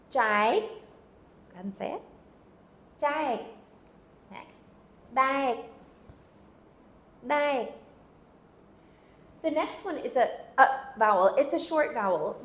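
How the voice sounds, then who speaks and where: A woman teaching a phonics lesson, patiently modeling sounds and asking learners to repeat after her. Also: fairly high pitch. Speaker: language teacher. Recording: echoey room with faint hiss.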